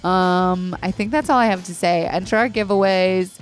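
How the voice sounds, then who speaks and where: A young adult woman hosting a podcast solo, chatting casually in an excitable, profane way. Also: on the low side, moderate pace, soft background music. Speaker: podcast host.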